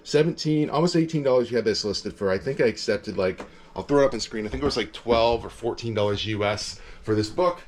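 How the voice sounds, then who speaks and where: This Canadian reseller keeps things easygoing in a casual vlog, rambling about his sales with frequent filler words. His medium-pitched voice moves fairly quickly with hardly any pauses, and a little hiss or hum sits under the audio from his cold, heater-warmed shed.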